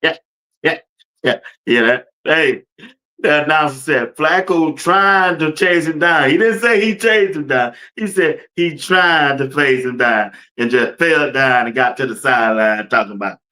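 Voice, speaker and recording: A man hosting a casual sports talk stream, animated, slangy and laughing often. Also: mid-range voice, moderate pace. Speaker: sports talk show host.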